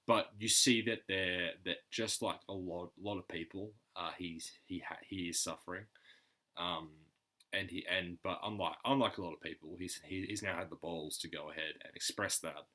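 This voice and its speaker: A man with a deep, low voice and a sharp, tense edge talks through a music reaction video. He stumbles over his words, restarts often and leans on fillers, sounding earnest and choked up. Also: fairly even intonation, normal speed. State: choked up, emotional. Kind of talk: casual reaction commentary.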